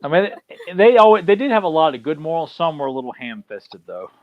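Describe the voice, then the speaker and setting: A man's voice: on the high side, big pitch swings, fast talker, phone-quality sound, slight background noise. A man co-hosting a watch-party podcast who rambles nostalgically and teases the others. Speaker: podcast co-host. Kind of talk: casual watch-party chat.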